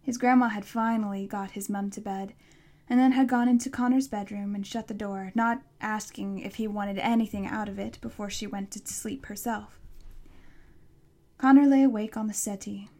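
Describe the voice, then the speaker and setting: A woman narrating an audiobook in a hushed voice that drops to a whisper in tense passages. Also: mid-range voice, fairly even intonation, moderate pace.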